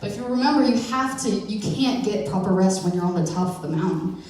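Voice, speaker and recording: A woman's voice: medium pitch, fast talker, darkish tone, far from the mic, a little hiss or hum. Chatty young woman preaching in a big echoey hall. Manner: chatty and playful, many fillers and self-corrections. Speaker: youth speaker giving a church message. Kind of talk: informal sermon.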